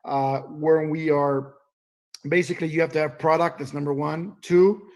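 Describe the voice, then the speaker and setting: A man giving a sales training talk, telling animated stories and acting out voices. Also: on the high side, normal speed. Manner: animated storytelling, acts out voices. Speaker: business trainer.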